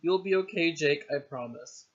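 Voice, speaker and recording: A man's voice: on the high side, moderate pace, lo-fi sound, close to an everyday voice. A man voicing a frightened teenage boy comforting his sick friend in a story he reads aloud. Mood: pleading.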